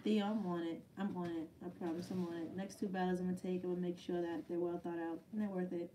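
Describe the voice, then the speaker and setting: A woman's voice: on the low side, little pitch movement, fast talker, mellow, recorded from a distance, slight background noise. A woman battle rapper answering viewer questions in a casual live chat, blunt and swearing freely, often laughing.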